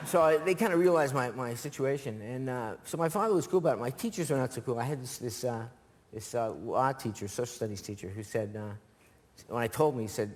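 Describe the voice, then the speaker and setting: A man in his forties from Canada, a guest on a talk show, telling stories with lots of halting restarts. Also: mid-range voice, big-room sound. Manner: animated storyteller, self-deprecating, halting restarts. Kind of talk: anecdotal talk show chat. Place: TV studio stage.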